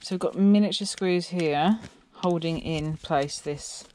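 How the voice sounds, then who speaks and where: In her scrapping videos, an English woman chats aimlessly while dismantling electronics and questioning her viewers. Her lowish voice is unhurried against a noisy background.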